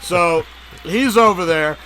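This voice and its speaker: A man with a fairly high, bright and forceful voice tells a crude, rambling comedy story on a podcast. He swears constantly and slips into acted-out voices. A faint hum of noise sits behind him. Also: slow. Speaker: podcast co-host.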